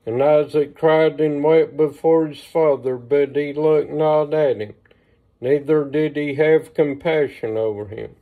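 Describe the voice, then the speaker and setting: A man reads an ancient text aloud, very slow and measured, pausing now and then for asides. His voice sits a bit high. It is streamed from a phone, so it sounds thin and tinny. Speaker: reader. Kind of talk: reading scripture aloud on a livestream.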